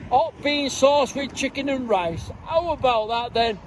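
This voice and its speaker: Very high-voiced drunk man, slow and giggly. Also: expressive, a little hiss or hum. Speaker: video subject. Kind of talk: casual filmed chat.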